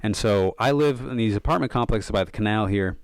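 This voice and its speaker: A man with a very deep voice, recorded close and dry, talks through his ideas as a podcast guest. He tells stories in a loose, thoughtful way, often saying "like" and "um". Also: brisk, no room sound. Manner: thoughtful, many fillers of "like" and "um". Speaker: podcast guest, yoga and meditation coach. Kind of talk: casual reflective storytelling.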